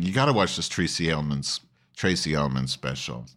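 A man's voice: deep voice, expressive, brisk, a bit bright. A man hosting an online call-in show, rambling in a campy, profane, loose way with many restarts. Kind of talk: casual rambling monologue.

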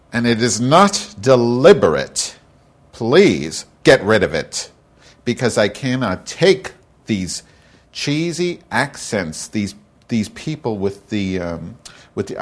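A man with a fairly low voice hosts his own podcast alone, talking off the cuff. He rambles between topics and slips into profane rants. His delivery is loose and unpolished. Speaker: podcast host. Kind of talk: casual solo podcast rant.

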